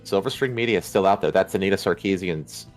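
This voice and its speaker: A man's voice: deep voice, fast, faint music behind. A man guest on a casual podcast, talking in rambling, repetitive runs and speaking bluntly. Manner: rambling, repeats himself, blunt.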